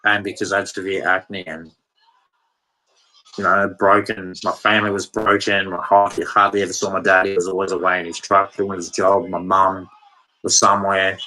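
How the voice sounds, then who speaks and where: A man's voice: deep voice, level tone, normal speed, pushed and bright, rough recording. A man ranting bluntly and repetitively in a casual vlog monologue. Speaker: vlogger.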